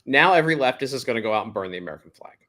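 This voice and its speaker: A man hosting a political talk show, quick and jokey in a casual, irreverent way. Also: medium pitch, animated, bright, forceful tone. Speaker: podcast host.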